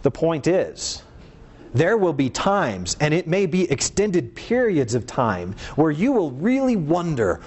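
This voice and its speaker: Earnest preacher with a higher voice. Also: male voice, sing-song, darkish tone, husky. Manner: earnest, asks rhetorical questions, drops low and slow for emphasis. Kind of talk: sermon with scripture reading.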